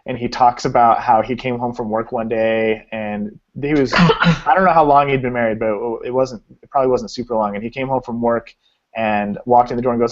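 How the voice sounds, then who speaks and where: A man's voice: medium pitch, fairly quick. Jokey man hosting a chat. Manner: jokey, animated storyteller. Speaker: host. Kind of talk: casual chat. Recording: dull lo-fi sound.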